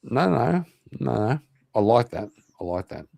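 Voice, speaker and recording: An Irish man hosts a casual online chat show, talking in a lively, bouncing voice that jumps up and down in pitch. He swears freely and laughs a lot. The sound is close and dry. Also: a little slow, creaky, no room sound. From Ireland. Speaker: host of an online interview show.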